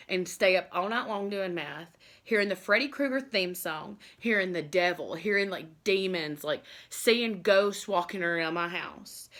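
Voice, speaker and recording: A woman with a mid-range, sharp-toned voice tells a candid personal story to camera. She's a casual vlogger, earnest and confessional, rambling loosely and filling her speech with "like" and "you know."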